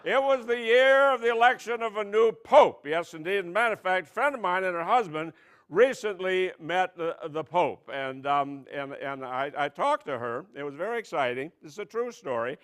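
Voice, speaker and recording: A man emceeing a comedy spelling bee, telling jokes and announcing mock quiz words in a deadpan way. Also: high-pitched, normal speed, smooth. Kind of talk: stand-up comedy routine. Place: stage at a press club event.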